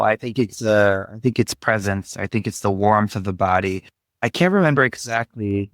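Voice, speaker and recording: A man's voice: medium pitch, no echo, clean studio sound. Reflective man, spiritual teacher guest. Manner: reflective, searching for words, then emphatic. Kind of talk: conversational interview.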